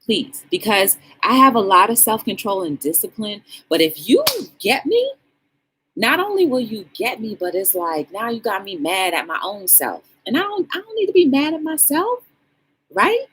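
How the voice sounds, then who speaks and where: A woman hosting a casual livestream talk show, chatting with viewers in the comments and shouting out their names. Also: moderate pace, husky, low-quality recording. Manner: animated, greets chat members with sudden high bursts. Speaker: talk show host reading live chat.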